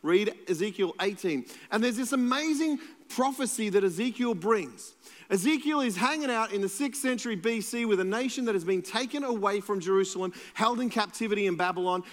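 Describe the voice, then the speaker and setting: An Australian pastor with a high voice preaches a sermon conversationally and playfully, joking with the congregation. A long reverb tail trails his voice.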